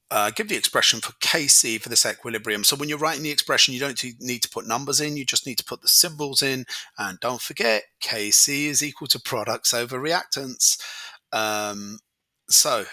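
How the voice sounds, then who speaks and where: A man with a very bright, tense tone walks through chemistry exam answers in a chatty, working-it-out-aloud way. The sound is dry and close, with no room around it. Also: mid-range voice, no echo. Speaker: chemistry tutor. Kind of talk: exam walkthrough lesson.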